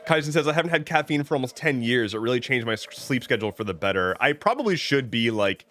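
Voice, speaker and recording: A man's voice: medium pitch, animated, fast talker, sharp tone, soft background music. A man streaming live, reading out chat messages and answering in a rambling, joking way with many restarts. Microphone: webcam setup at home.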